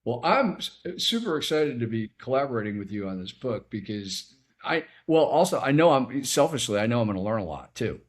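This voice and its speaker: A man's voice: mid-range voice, sing-song, fairly quick. A man hosting a podcast interview, speaking with enthusiasm and appreciation. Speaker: podcast host. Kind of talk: interview host wrap-up.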